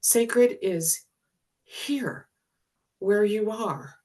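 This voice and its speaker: A woman voicing a gentle, amused female divine spirit who speaks tenderly and teases lightly. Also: medium pitch, extremely slow, voice pushed up. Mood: gentle, affectionate. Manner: tender, teasing.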